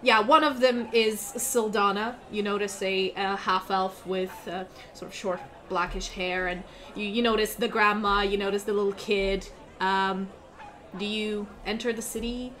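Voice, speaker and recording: A woman's voice: medium pitch, fairly even intonation, measured pace, fairly bright tone. A woman narrating as game master of a tabletop role-playing game, chatty with many fillers.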